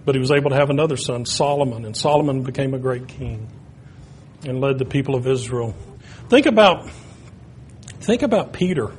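A man preaching a sermon, retelling stories and building to loud, emphatic peaks. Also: medium pitch, animated, fairly quick, pauses often, a little hiss or hum.

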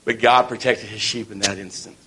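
A man's voice: on the low side, fairly even intonation, brisk, bright, forceful tone, breathy edge. A man preaching a sermon in a folksy, storytelling way.

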